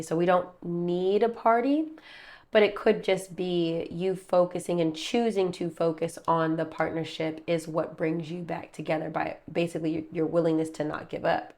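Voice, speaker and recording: A woman's voice: fairly low pitch, a little mellow. Chatty woman giving a tarot reading. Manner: chatty, rambling, calls viewers babe and baby. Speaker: tarot reader. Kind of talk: casual tarot reading to camera. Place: her room at home.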